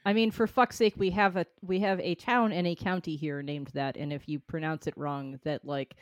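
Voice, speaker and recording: Female podcast co-host from New England, low-ish voice, salty and wry, dry close sound. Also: fairly even intonation, moderate pace, no echo, muffled recording. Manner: profane, wry, laughs at herself. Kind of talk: casual chat.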